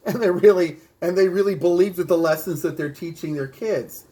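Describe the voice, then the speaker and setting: A man running through a stand-up routine, hitting each joke with a punchy catchphrase. His voice sits a little higher than most men's. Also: a little fast, hardly any pauses, mellow, rough recording. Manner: punchy delivery, repeats a catchphrase; bilingual. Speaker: stand-up comedian. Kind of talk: rehearsing a stand-up bit.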